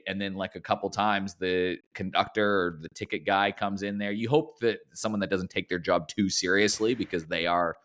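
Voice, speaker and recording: A man's voice: lowish voice, a bit bright. A man with a Canadian accent hosting a casual podcast chat over a remote call, jokey and self-mocking. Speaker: podcast host. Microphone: remote call mic.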